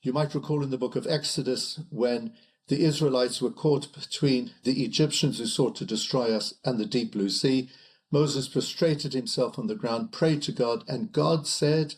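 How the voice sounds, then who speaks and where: An older man, a chief rabbi, guest on an interview podcast, telling stories in a measured way. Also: mid-range voice. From United Kingdom. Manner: measured, storytelling delivery. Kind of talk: interview conversation.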